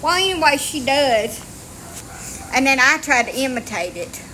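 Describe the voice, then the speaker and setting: A woman's voice: high-pitched, big pitch swings, normal speed, sharp tone, a little hiss or hum. A woman, telling a story in casual, blunt, salty, self-mocking talk while outdoors on rural land with her phone. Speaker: storyteller vlogger. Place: outdoors on rural property with dogs.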